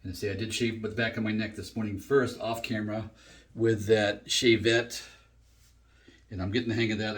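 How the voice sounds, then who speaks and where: A middle-aged man chatting casually through a shave review in his home bathroom, relaxed and full of fillers. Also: fairly low pitch. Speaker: shaving vlogger.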